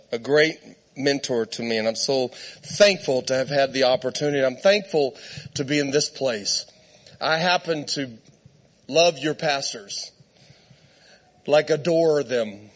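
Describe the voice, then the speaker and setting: A man preaching in church, telling a funny story with lots of laughter and animated quoted voices. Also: a little high. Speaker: guest preacher. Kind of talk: storytelling sermon.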